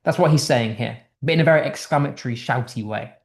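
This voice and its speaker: A man's voice: mid-range voice, fast talker, echoey room. A man teaching English literature in a casual online lesson, explaining a text line by line in a chatty way with restarts, from the United Kingdom.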